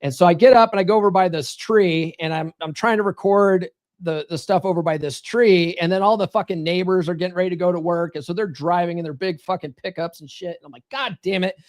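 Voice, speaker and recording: A man's voice: sits high, fast talker. A man hosting a live podcast as a dating coach, chatting casually, reading viewer comments and swearing freely as he rambles through stories. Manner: profane, rambling, animated storytelling. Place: home studio.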